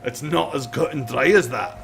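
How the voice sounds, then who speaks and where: A man's voice: medium pitch, moderate pace, vocal fry, a bit bright, faint music behind. A man voicing a bitter, defiant male prisoner warrior who blusters and threatens with an axe. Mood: evasive.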